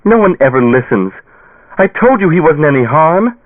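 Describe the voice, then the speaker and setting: A man's voice: very animated, moderate pace, no room sound. A man voicing an upset, stubborn teenage daughter in an audiobook, tearful and defiant. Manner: tearful, defiant and high-pitched. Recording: tinny phone-like dry sound.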